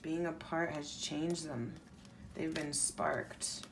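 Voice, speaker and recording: Woman doing a slow chill tarot reading, rambly, says like a lot, noisy hiss behind her. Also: deep voice, steady tone. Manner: casual, rambling, heavy use of "like". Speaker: tarot reader. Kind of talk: pick-a-pile tarot reading.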